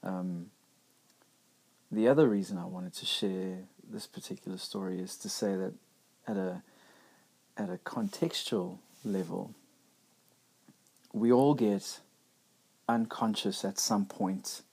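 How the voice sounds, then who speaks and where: A man's voice: deep voice, steady tone, slow pace, pauses often, darkish tone, breathy edge. A middle-aged man hosting a podcast, talking candidly and reflectively in a conversational way with many restarts. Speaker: podcast host. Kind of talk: reflective personal monologue.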